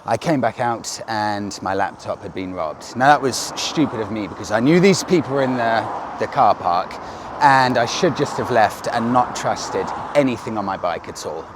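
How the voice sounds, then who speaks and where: A man's voice: on the low side, expressive, normal speed. A man talking casually as a motorcycle vlogger, telling a story in a chatty way, recorded outdoors by a road. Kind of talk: casual vlog narration. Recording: outdoor noise.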